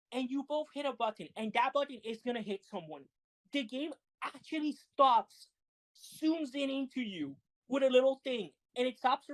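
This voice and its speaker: A woman co-hosting a podcast, telling fighting-game stories in animated, laughing casual chat with some swearing. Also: fairly high pitch, low-quality recording. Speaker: podcast co-host.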